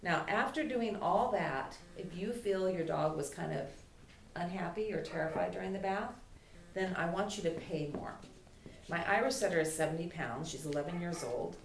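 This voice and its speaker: Chatty woman dog trainer, lower voice. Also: moderate pace. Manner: chatty, voices the dog's thoughts. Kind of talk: puppy class lecture. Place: classroom. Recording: echoey room from far off, faint noise.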